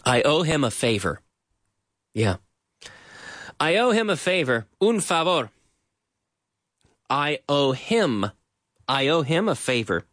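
Man, English teacher, live-streamed lesson, animated pitch, dry close sound, repeats phrases, switches languages. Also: no room sound. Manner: drills phrases by repeating them slowly; switches between English and Spanish.

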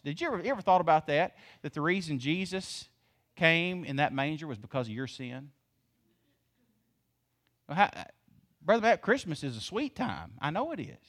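Animated preacher man. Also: a little high. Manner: lively, emphatic preaching with rhetorical questions; folksy, calls the congregation y'all. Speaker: pastor. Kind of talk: sermon.

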